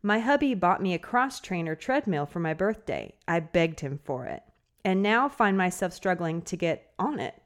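Woman, podcast host, lowish voice, casual chat, giggly, reads emails aloud. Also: expressive, moderate pace. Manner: chatty, giggly, often laughing mid-sentence.

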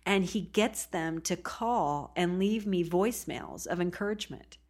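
A woman's voice: lowish voice, a little slow. A woman hosting a podcast, speaking casually and laughing often. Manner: warm, laughing, emotional. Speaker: podcast host. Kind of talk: casual narration.

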